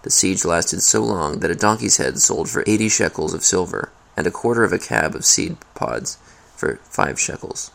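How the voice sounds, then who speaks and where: A man reading a Bible chapter aloud in a steady, measured way. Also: sits low, vocal fry. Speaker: scripture reader.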